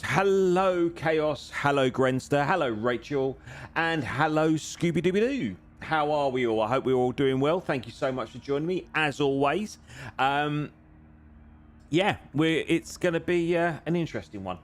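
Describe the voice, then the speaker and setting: A man hosting a sim racing live stream in casual chat, rambling and self-deprecating with lots of filler sounds, a bit tired. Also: on the high side.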